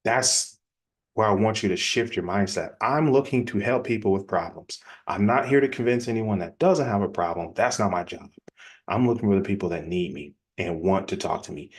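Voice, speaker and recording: A man giving a casual, energetic sales-coaching presentation in a plainspoken, conversational way. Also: fairly low pitch. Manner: energetic, acts out quick example dialogues. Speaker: business coach.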